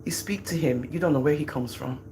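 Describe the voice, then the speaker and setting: Brisk and low-sitting, this middle-aged woman's voice comes with a little hiss or hum. She hosts a livestream in a Jamaican accent, chatting casually in an animated, teasing manner and showing off about her children.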